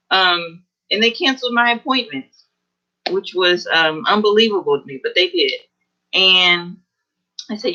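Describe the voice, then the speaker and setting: A woman's voice: on the low side, bright, forceful tone. Earnest woman guest on a muffled call. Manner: earnest, halting with frequent pauses. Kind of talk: personal testimony in an online interview. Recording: dull lo-fi video call audio.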